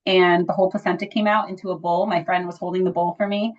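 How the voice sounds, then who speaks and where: A woman's voice: on the low side, fast talker. A woman guest in a casual interview, telling a personal story with lots of fillers like "like" and "you know.". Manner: animated when acting out quoted dialogue. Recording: slightly dull lo-fi audio.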